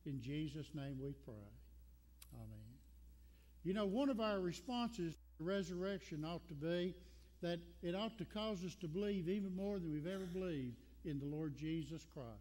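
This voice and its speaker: A man with a Southern American accent delivers a Sunday sermon, his voice sitting high. He tells folksy stories and repeats key lines for emphasis. The sound carries a long church reverb. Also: normal speed, darkish tone. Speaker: pastor. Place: church sanctuary.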